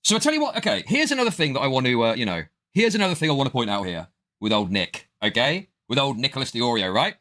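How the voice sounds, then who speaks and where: Brief: rambling male streamer, bright and animated. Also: medium pitch, fast. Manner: rambling, hedging, says "bro" and "dude". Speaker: streamer commentator. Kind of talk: casual stream commentary.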